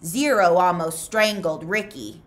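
A woman voicing an adult male camp counselor who urges and yells orders, in a storybook reading. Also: on the low side, unhurried, natural voice. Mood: alarmed. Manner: urging, then yelling orders.

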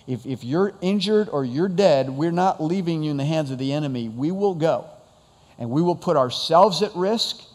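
A man's voice: medium pitch, a little mellow, big-room sound. A man preaching a conversational sermon to his congregation, asking rhetorical questions. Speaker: pastor.

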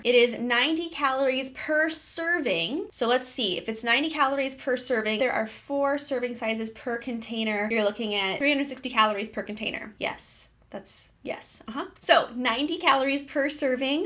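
A woman's voice: sits high, fairly bright tone. A young adult woman, a fitness vlogger, giving a chatty, upbeat product review and reading out nutrition facts.

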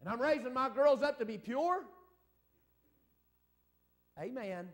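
A man's voice: very high voice, lively intonation, takes it slowly. A middle-aged man preaching a folksy revival sermon in a church, calling out for amens from the congregation. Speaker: evangelist. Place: church service.

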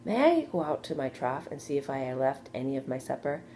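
A woman's voice: very animated, brisk, dark tone, slight background noise, heavily acted. Woman reading an anxious young pig. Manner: earnest, pleading, higher than her narration. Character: young male pig, anxious, sweet and eager.

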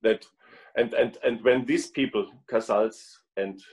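A man's voice: mid-range voice, a little mellow, low-quality recording. German guy on a video call, stops and repeats himself a lot while hunting for words. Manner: halting, repeats words while searching for them. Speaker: guest trumpet player. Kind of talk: casual video call chat.

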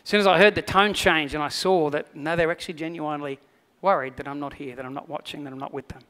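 Male Australian pastor, high, forceful voice, lively storyteller who softens into earnest preaching. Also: fast talker, smooth, in a large hall. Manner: animated storyteller, dropping to a quiet, earnest tone for the message. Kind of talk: sermon with personal storytelling.

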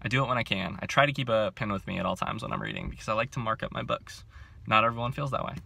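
Young man, bright forceful tone, lowish pitch, overcaffeinated, laughing, casual phone-filmed vlog. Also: racing, vocal fry, no echo. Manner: excitable, laughs often, self-mocking. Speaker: book vlogger. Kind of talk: casual chat to camera. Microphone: handheld phone.

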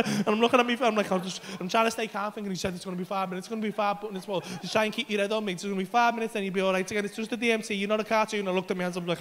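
A man doing stand-up on a club stage, telling a story in a very high, ringing voice. He swears freely and acts out the other voices and his own panic, with audience laughter rolling in behind him. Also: steady tone, fast, pushed and bright. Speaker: stand-up comedian.

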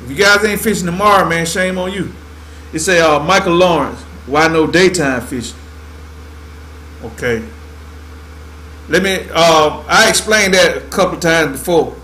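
A man's voice: fairly high pitch, normal speed, pauses often, pushed and bright, slight background noise. A man from Georgia, hosting a fishing livestream in laid-back casual chat, tacking "man" onto most lines. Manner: laid-back, drawling, says "man" constantly. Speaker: fishing show host.

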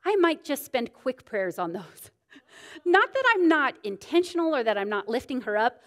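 A woman's voice: high-pitched, sing-song, normal speed, fairly bright tone. A woman in her thirties, teaching a women's Bible study in a candid, self-deprecating, storytelling way. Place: church meeting room. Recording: long church reverb.

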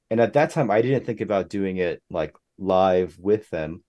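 A young man talking as a podcast guest in a casual, animated way. He jumps up in pitch whenever he quotes other people. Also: a little slow. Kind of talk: casual interview chat.

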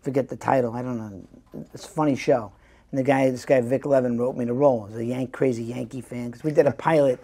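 A man's voice: medium pitch, mellow. A middle-aged male actor telling stories in a casual interview, acting out the voices of people he quotes. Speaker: guest actor.

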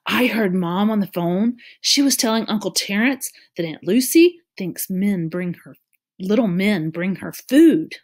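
A woman's voice: medium pitch, lively intonation, a little slow, darkish tone. A woman reading a storybook, voicing a blunt, bossy thirteen-year-old girl who speaks sharply. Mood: knowing.

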